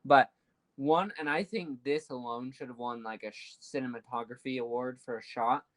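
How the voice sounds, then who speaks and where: A man's voice: medium pitch, moderate pace, a bit bright. A young man co-hosting a podcast, chatting casually and enthusiastically while steering the conversation to new topics. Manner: enthusiastic, leads the topics, hums music to illustrate. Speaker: podcast co-host. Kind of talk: casual chat.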